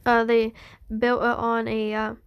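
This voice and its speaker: Young woman, casual storyteller, rambling delivery, high-pitched and unhurried. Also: completely flat delivery, smooth, muffled recording. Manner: rambling, full of fillers and restarts. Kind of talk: casual fan-story telling.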